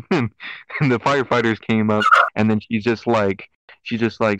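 A man's voice: fairly low pitch, a little slow, no echo, dull audio. A man with a country twang mixed with city slang, chatting casually as a podcast co-host and rambling through many fillers and restarts. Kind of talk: casual chat.

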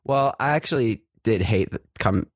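Rambling low-voiced podcast man. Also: lively intonation, normal speed, no echo, clean studio sound. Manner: rambling, hesitant, with many ums. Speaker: podcast co-host. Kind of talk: casual tech podcast chat.

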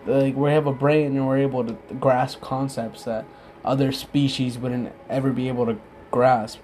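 A drunk young man talking in a casual, rambling monologue, halting often, losing his thread and swearing freely. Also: mid-range voice, level tone, a little mellow, slight background noise.

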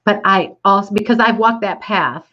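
A woman's voice: medium pitch, moderate pace, dull audio. A woman telling her listeners a personal story in an earnest, reflective way, with frequent fillers. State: getting teary.

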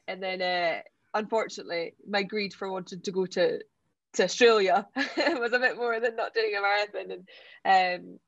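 A young Scottish woman from the Borders, telling an animated story as an interview guest, laughing often and acting out what people said. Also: medium pitch, fairly quick, vocal fry, dry recording, lo-fi sound. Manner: excitable, laughs often, acts out quotes. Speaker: athlete guest.

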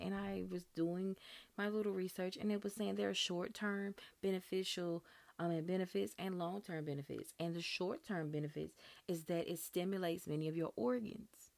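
A woman's voice: lowish voice, gravelly, darkish tone, no room sound. A woman hosting her own podcast, talking in an earnest, chatty and encouraging way. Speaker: podcast host. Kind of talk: casual solo podcast talk.

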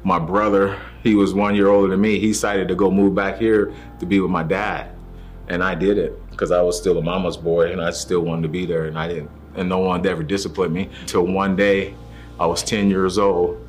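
Speaking in a deep voice with a flat delivery and normal speed, a man earnestly shares his personal testimony of faith. He imitates the people in his story, and soft music runs underneath.

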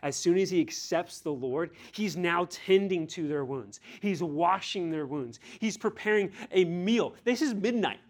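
A man's voice: sits high, lively intonation, unhurried, hardly any pauses. A man preaching a sermon to a youth group as their pastor, earnest and direct, pressing his listeners with blunt questions and now and then acting out the voices in scripture.

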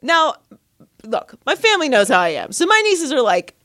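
A woman co-hosting a sports podcast, telling a story in casual chat with loud, animated exclamations. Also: high voice, brisk. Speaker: podcast co-host.

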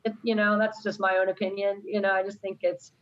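A woman's voice: mid-range voice, flat delivery, brisk. Woman, teacher, earnest, opinionated, dull recording. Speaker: college science teacher. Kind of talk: casual chat.

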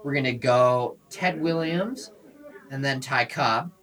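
A man hosting a sports podcast, talking in a relaxed way as he steers the talk. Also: mid-range voice, slow pace. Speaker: podcast host. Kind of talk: casual sports chat.

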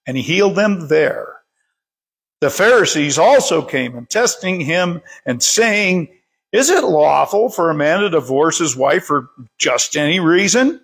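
A man leading a Bible study, praying and reading scripture aloud in a plain, unhurried way with small stumbles and self-corrections. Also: on the high side, vocal fry, a bit bright, slightly rough.

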